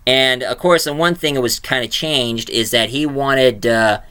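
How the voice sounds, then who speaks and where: A man with a smooth, clear voice of middling pitch talks loosely about the audio series he created. He rambles, circles back and restarts his sentences, leaning on "of course" as he goes. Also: measured pace, pushed and bright.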